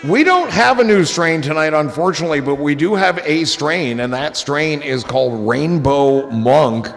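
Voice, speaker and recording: A man hosting a live stream, chatting casually and telling rambling, profane stories that turn excited. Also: fairly high pitch, normal speed, creaky, in a large hall, soft background music. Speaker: streamer host.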